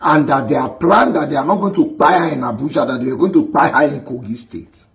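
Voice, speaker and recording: Animated storyteller, man, Nigerian Pidgin accent, gravelly and a bit high. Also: quick pace, rough recording. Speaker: commentator. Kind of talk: casual vlog commentary.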